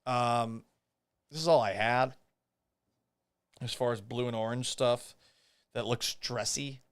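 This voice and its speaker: A man's voice: mid-range voice, takes it slowly, clean tone, dry recording. A man hosting a live podcast stream, ranting casually and profanely while reading chat comments. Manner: profane, animated and sarcastic. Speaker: podcast host reacting to a baseball loss.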